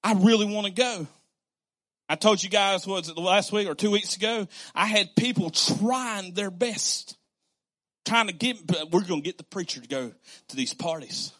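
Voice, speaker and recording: Animated high-voiced male preacher. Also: moderate pace. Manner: conversational, animated preaching with repetitions and acted-out quotes. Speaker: pastor. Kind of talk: sermon.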